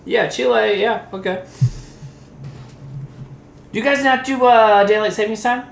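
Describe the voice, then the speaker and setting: In an echoey room, a man with a high, creaky voice chats unhurriedly on his livestream. He eats as he reads out chat and cracks crude, jokey banter.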